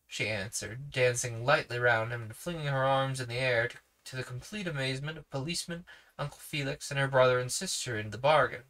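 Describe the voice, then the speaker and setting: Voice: medium pitch, brisk, fairly bright tone. A sleepy reader narrating a children's novel aloud with casual asides. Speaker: podcast reader.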